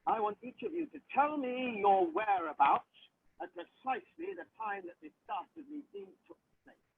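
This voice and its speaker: An actor playing a pompous country-house detective, declaiming theatrically. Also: male voice, extremely high pitch, sing-song, moderate pace, gravelly, breathy edge, heavily acted. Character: pompous British country-house detective, middle-aged man. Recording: tinny video clip with faint hiss.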